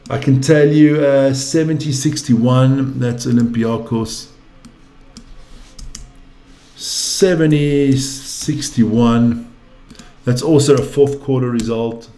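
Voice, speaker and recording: A man's voice: mid-range voice, fairly even intonation, takes it slowly, dark tone. A man giving casual live commentary on a basketball game, exasperated and ranting, swearing freely. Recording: echoey room.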